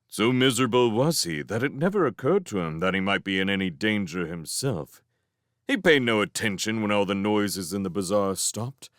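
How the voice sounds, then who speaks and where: A man reading a novel aloud as a fan audiobook, with expressive storytelling. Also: fairly low pitch, no echo, studio quality. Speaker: reader of a novel.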